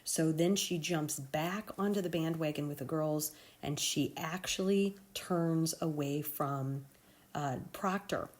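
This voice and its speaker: A woman's voice: deep voice, takes it slowly. A woman teacher talking students through a play in a recorded lesson, conversational and often checking in with "okay?".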